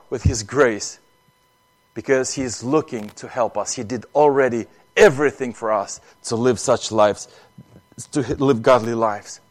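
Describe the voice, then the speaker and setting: A man preaching an earnest sermon, often acting out prayers and repeating words as he speaks. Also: medium pitch.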